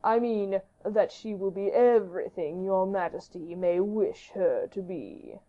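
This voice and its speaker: Woman voicing a slow, deferential courtier. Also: medium pitch, lightly acted. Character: smooth, flattering male courtier, count. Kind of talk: audiobook character reading. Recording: dull lo-fi audiobook recording.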